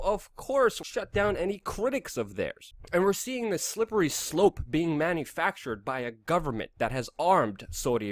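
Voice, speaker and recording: A man's voice: fairly high pitch, no room sound. A young adult man hosting a news commentary vlog, talking in a sarcastic, emphatic and indignant way. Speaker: host.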